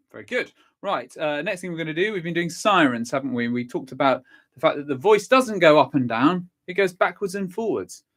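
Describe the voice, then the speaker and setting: A cheerful man leading a vocal warm-up lesson, counting through the exercises and encouraging the listener, a little stuffy from a cold. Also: a little high, animated, fairly quick. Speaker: singing and vocal warm-up teacher.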